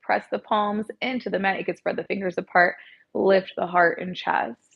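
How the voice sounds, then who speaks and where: Woman yoga teacher, calm gentle cues, earpiece mic, kinda dull lo-fi sound. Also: mid-range voice, normal speed, vocal fry, husky. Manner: gentle, calm cueing with soft encouragement. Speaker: yoga instructor. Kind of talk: guided yoga class instruction.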